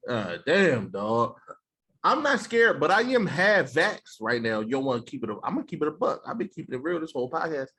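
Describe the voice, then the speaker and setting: A man's voice: on the high side, big pitch swings, a little fast, a bit bright, husky. A man co-hosting a podcast in loose, joking, profane banter. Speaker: podcast co-host. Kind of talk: casual chat.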